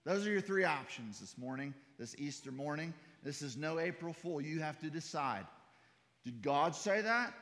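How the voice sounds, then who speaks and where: A man's voice: on the high side, a bit bright. Emphatic male preacher in a reverberant church. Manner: emphatic, repetitive, stumbling restarts. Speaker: pastor. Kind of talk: sermon.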